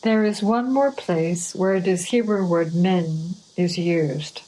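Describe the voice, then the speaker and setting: A woman delivering a sermon at an unhurried, careful pace. Her voice sits a little low, and she reads each line of scripture deliberately, with pauses between phrases. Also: mellow, rough recording. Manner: measured, deliberate scripture reading. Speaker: preacher. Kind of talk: slow sermon reading.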